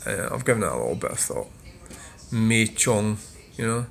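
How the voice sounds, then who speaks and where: A man's voice: fairly low pitch, big pitch swings, moderate pace, vocal fry. A Scottish man hosting a vlog, bluntly and swearily reacting to viewer comments. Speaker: channel host.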